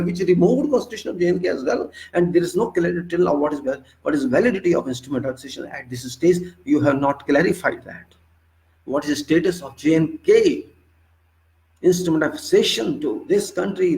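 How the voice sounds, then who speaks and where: A man's voice: a little high, gravelly, a little mellow, rough recording. A man with an Indian English accent giving an impassioned monologue full of pointed rhetorical questions. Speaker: political commentator.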